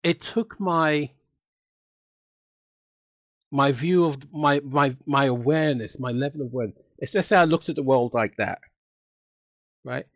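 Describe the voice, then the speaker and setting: A man as a guest in a casual interview, telling stories in an animated, emotional way and acting out what people said. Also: medium pitch, a little slow, pauses often, no echo, muffled recording. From United Kingdom. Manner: animated, emotional storytelling with acted-out quotes.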